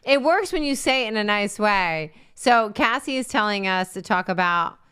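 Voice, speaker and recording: A middle-aged woman co-hosting a comedy talk show, agreeable and quick to chime in and tease. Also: mid-range voice, expressive, bright, forceful tone, clean tone. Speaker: co-host. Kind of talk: casual comedic chat.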